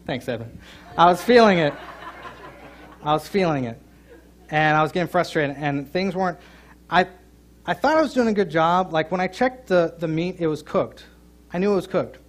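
A middle-aged man preaching a sermon, telling a funny story and joking with his congregation, with loud emphatic peaks. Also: on the high side, lively intonation, fairly quick. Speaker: pastor. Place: church sanctuary.

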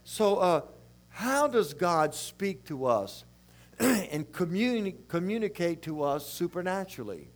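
Folksy older South Louisiana preacher. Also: male voice, high voice, unhurried. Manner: rambling, folksy, animated. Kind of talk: sermon with folksy storytelling.

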